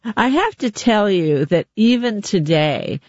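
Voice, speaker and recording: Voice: medium pitch, lively intonation, slow pace, dry recording. An interview host asking questions in a chatty way and laughing often. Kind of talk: interview conversation. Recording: slightly dull, dry sound.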